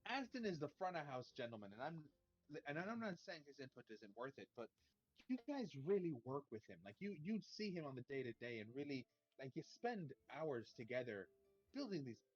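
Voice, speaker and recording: A man playing a tabletop role-playing game, talking in character in a flattering, rambling way with stammering restarts. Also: fairly high pitch, fairly quick, highs cut off, soft background music. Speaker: player.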